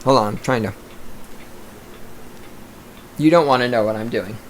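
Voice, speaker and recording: A man hosting a podcast, delivering a profane, combative rant that swings into loud outbursts. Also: medium pitch, normal speed, slight background noise. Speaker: podcast host. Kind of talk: profane ranting monologue.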